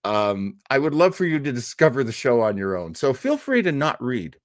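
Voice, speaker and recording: A man's voice: medium pitch, very animated, moderate pace, no room sound. Rambling male host, dry sound. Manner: rambling, with self-corrections. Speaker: host of a listening party. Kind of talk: casual chat.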